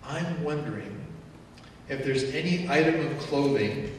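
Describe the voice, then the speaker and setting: A male pastor delivers his sermon in a casual, animated way, jumping into little acted outbursts. He is heard from a distance in a large church with a long reverb. A faint rumble runs under his voice. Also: measured pace. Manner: animated, acts out angry outbursts in quotes. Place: church sanctuary. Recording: echoey church hall from far off.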